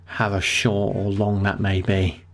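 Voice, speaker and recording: A man's voice: lowish voice, measured pace. A man streaming a survival game, chatting casually and swearing when things go wrong. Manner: excitable, swears, panicky outbursts. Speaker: gaming livestreamer. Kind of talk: casual gameplay commentary.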